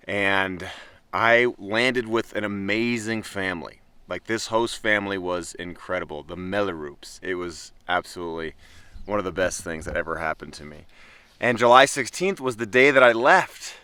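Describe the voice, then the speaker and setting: Bright, clear-voiced man. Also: low-pitched, dry recording. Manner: animated, storytelling, laughs often. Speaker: travel vlogger. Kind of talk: casual vlog monologue. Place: tent in the wilderness.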